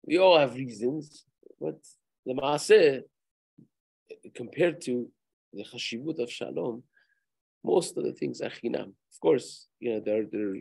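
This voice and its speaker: Gravelly-voiced rabbi teaching a Torah class. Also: male voice, mid-range voice, measured pace, pauses often, darkish tone, no room sound, low-quality recording. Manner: conversational, tells anecdotes, mixes Hebrew and Yiddish terms. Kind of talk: casual Torah lesson with storytelling.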